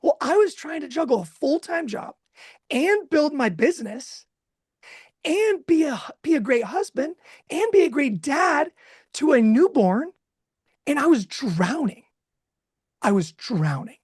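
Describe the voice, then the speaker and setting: A man in his thirties telling a candid personal story, emotional and expressive, laughing now and then. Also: very high voice, measured pace, no echo, studio quality. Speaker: guest speaker.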